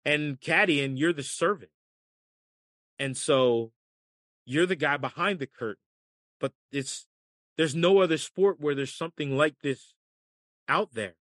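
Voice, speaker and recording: A man from the United States, a caddie and broadcaster, telling animated stories in a podcast interview and acting out the voices of people in them. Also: fairly high pitch, a little slow, pauses often, dry recording, clean studio sound. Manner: animated storyteller acting out voices, laughing often.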